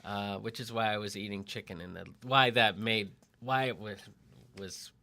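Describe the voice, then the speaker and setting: A middle-aged man from Massachusetts chatting casually on a podcast from a home barn studio, animated and self-deprecating, with frequent restarts. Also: fairly low pitch, moderate pace, vocal fry. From Lexington, Massachusetts. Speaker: podcast co-host, marketing writer.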